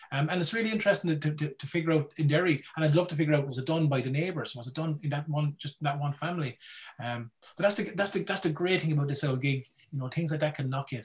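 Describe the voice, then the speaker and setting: A man talks quickly and with energy. He speaks as a folklorist in a relaxed talk and restarts his phrases as ideas tumble out. His voice sits a little high for a man. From Ireland. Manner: animated, repeats words while thinking. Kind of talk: casual talk with questions.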